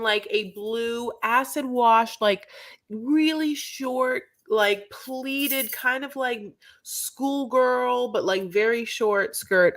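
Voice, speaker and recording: A woman's voice: on the high side, a bit bright. A woman co-hosting a casual reality TV podcast, talking in a rambling way full of fillers. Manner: chatty, rambling, lots of fillers. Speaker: podcast co-host. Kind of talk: casual chat about reality TV.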